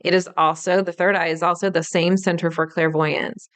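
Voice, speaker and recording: A woman in her thirties hosts her own podcast and explains her subject in an upbeat, teacherly way. Her voice sits a little low for a woman and sounds smooth and clear. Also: little pitch movement, normal speed. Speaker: podcast host.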